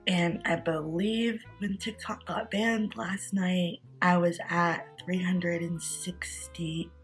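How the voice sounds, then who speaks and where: A woman's voice: fairly low pitch, fairly even intonation, slow pace, soft background music. Chatty woman in her twenties, morning voice. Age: 20s. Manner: chatty and candid, rambling with fillers. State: groggy morning voice. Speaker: vlogger. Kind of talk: casual talk to camera.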